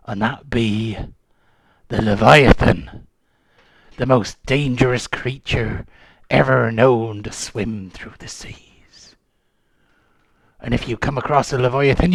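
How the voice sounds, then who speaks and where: A man's voice: mid-range voice, vocal fry, slightly rough, no room sound. A man, the game master, voicing a kneeless old male pirate sea dog who philosophises in a growling pirate voice. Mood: ominous. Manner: growling pirate voice with "arr" and "there be".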